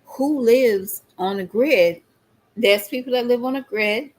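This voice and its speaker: A woman's voice: fairly high pitch, unhurried, darkish tone. A middle-aged woman chatting casually to her viewers, often laughing and calling them y'all. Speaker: vlogger.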